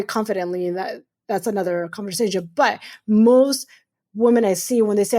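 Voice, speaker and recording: A woman's voice: medium pitch, normal speed, warm tone. A middle-aged woman, a surgeon guest on a podcast, speaking earnestly and emphatically, often repeating phrases for weight. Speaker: guest urologist. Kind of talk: podcast interview.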